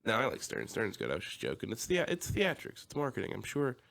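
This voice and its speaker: A man's voice: on the low side, wildly swooping pitch, quick pace, gravelly, fairly bright tone. Laid-back Philly podcast guy. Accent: Philadelphia. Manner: laughs while telling stories, swears casually. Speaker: podcast co-host. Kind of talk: casual chat.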